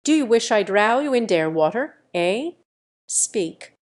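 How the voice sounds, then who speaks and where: A woman reading the part of an excitable middle-aged father with a German accent who barks commands. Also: mid-range voice, a little slow. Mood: commanding. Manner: barking commands.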